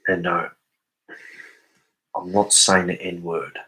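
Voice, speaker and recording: A man's voice: sits low, flat delivery, slow, bright, forceful tone, slightly rough, rough recording. A young Australian man on a casual live stream, reading viewer comments aloud and answering them.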